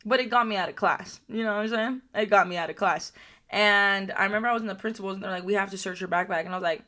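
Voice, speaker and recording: A young woman telling crude comedic stories on her vlog, brash and profane, with sudden loud bursts and mocking quoted voices. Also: medium pitch, fairly even intonation, fast. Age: young adult. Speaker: vlogger.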